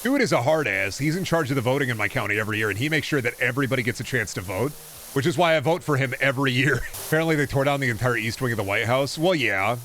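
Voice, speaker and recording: A man's voice: medium pitch, animated, fast talker, sharp tone, a little hiss or hum. A man streaming a game, ranting casually in a rambling, sarcastic and profane way. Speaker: gaming streamer. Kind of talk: casual ranting chat while playing.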